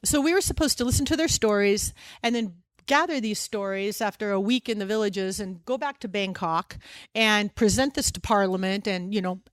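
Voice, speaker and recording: A woman guest on a live podcast interview, telling stories in an animated, chatty way. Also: medium pitch, moderate pace, no room sound. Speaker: guest, travel company co-founder. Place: live event with an audience.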